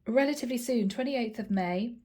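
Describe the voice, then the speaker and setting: A woman's voice: fairly high pitch, darkish tone. A woman giving a channeled tarot reading in a chatty style, drawing out words for emphasis. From Ireland. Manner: chatty, drawn-out emphatic phrasing. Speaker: tarot reader.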